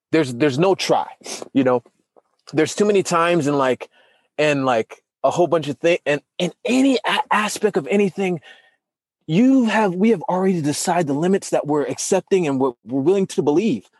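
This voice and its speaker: A man with a slightly rough voice, recorded dry, shares a personal story with emotion in a casual chat. Animated, he acts out the quotes with big jumps in pitch.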